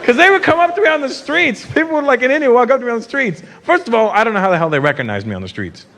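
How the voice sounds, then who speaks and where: A North American man telling stories in a stand-up routine, chatty and animated, with asides to the audience. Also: very high voice, racing. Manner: conversational, animated storytelling with asides. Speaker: stand-up comedian. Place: theater stage before a live audience. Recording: live recording with loud crowd and room noise.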